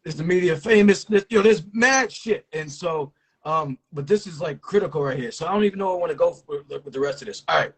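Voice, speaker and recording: A man hosting a casual interview who talks in a rushed, stammering way, restarting his sentences. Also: fairly high pitch, slightly rough. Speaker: podcast host.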